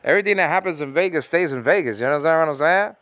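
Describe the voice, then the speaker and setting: A man's voice: fairly high pitch, very fast, a bit bright, no echo. Exasperated American man ranting. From United States. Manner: exasperated, repetitive, lots of fillers and restarts. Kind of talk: casual ranting monologue. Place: small room at home.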